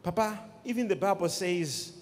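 Emphatic high-voiced male preacher. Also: lively intonation, normal speed. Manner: emphatic call-and-response preaching. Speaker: pastor. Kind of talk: sermon. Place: church. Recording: long hall reverb.

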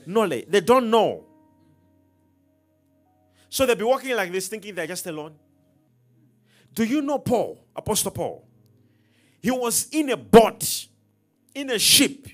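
A man preaching a sermon in an emphatic, preacherly style, calling out questions to the congregation and swinging between loud and soft. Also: high voice, big pitch swings, measured pace, pauses often, soft background music. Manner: emphatic, preacherly call-and-response, dramatic swings in loudness.

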